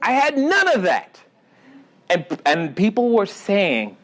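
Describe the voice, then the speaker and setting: Male seminar host, high and very lively pitch, playful storyteller quizzing a live crowd. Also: measured pace. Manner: animated storyteller, quizzes the audience, acts out dialogue. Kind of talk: live seminar talk with audience interaction. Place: event room with a live audience.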